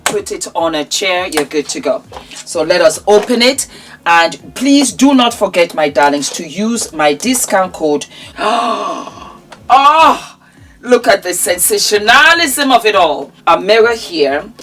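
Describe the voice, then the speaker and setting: Low-voiced lady showing off her own products on her vlog, takes her time, super effusive. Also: lively intonation, a little slow, fairly bright tone. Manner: effusive, showers viewers with endearments. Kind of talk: casual product showcase vlog.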